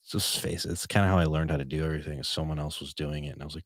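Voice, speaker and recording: A man's voice: very deep voice, fairly even intonation, very fast, dry recording, studio quality. A man hosting his own podcast from home, rambling in a casual, self-deprecating, sometimes profane way. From Boston, USA. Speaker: podcast host. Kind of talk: casual solo podcast chat. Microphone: headphones with podcast mic.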